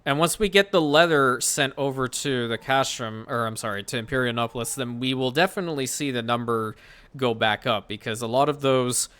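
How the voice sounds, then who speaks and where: Guy with a bright, sharp voice chatting through a city builder, thinks out loud, corrects himself a lot. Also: medium pitch, brisk, clear, resonant tone. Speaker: gaming channel host. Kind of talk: casual gameplay commentary.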